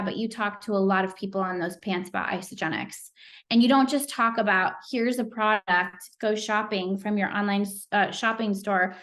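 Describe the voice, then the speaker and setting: A woman's voice: mid-range voice, a bit bright. A middle-aged woman giving a motivational talk on a team call, earnest and chatty, with plenty of "like" and "um" fillers. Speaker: team leader speaking on a sales call.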